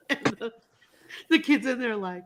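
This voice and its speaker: A woman's voice: a little high, noisy background. A woman hosting a casual livestream, chatting and greeting viewers by name. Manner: chatty, reads out viewer comments. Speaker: livestream host.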